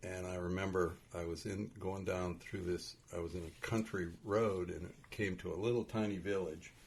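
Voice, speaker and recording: Co-host, man; low husky voice, relaxed storyteller. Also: moderate pace. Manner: builds stories with rising excitement. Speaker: podcast co-host. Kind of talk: casual anecdote telling.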